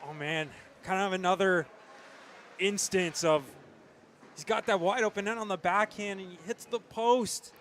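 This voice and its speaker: A man giving hockey color commentary, talking through the plays in a relaxed way. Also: high voice, a little slow, slight background noise.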